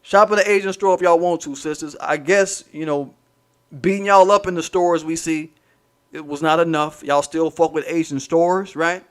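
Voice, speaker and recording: A man's voice: a little high, steady tone, moderate pace, clear, resonant tone. A man hosting a livestream, ranting in a profane, rambling way and talking to his chat. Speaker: livestream host. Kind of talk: casual livestream rant.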